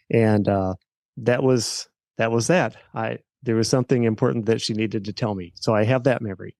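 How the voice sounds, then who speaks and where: A middle-aged man speaks as a podcast guest, telling a personal story. He talks haltingly, with many fillers and restarts. His voice sits at an ordinary pitch, and a close mic keeps the sound dry. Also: steady tone, darkish tone, dry recording. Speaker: podcast guest, estate planning attorney.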